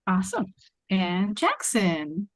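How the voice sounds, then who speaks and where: A woman's voice: mid-range voice, huge pitch swings, slow, no room sound. A woman from Washington state hosting an online table read over a video call, chatty and informal. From Washington state, USA.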